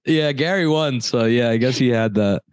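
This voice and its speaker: A man's voice: mid-range voice, normal speed, clear, resonant tone, no echo, studio quality. A man co-hosting a podcast, telling stories in casual chat, swearing and laughing often. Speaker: podcast co-host.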